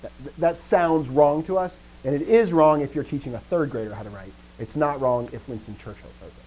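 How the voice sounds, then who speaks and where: Teaching grammar live, this man explains each step in turn and responds to students with brisk affirmations and dry, joking asides. His voice sits on the high side and sounds mellow, captured on a low-quality recording.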